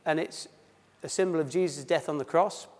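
Preaching at a baptism service, a man with a voice on the high side speaks at normal speed with a darkish tone. He's a pastor who drops his H's and reads scripture before explaining it simply and conversationally; long church-hall reverb colors the recording.

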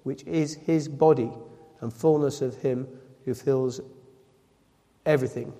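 A man's voice: mid-range voice, fairly even intonation, measured pace, warm tone. Man preaching in a reverberant hall. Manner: reads scripture aloud, then explains it with repeated phrases and self-corrections. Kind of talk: sermon.

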